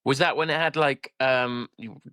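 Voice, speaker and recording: A man's voice: medium pitch, steady tone, normal speed, a bit bright, clean tone, dry recording, clean studio sound. A man in his forties co-hosting a podcast, chatting casually and often restarting his sentences. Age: 40s. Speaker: podcast co-host. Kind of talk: casual chat.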